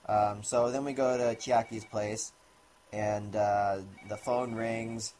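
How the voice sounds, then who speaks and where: A man's voice: lowish voice, little pitch movement, takes it slowly, a little mellow. A man narrating a casual game review in a rambling, offhand way. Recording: noisy home recording.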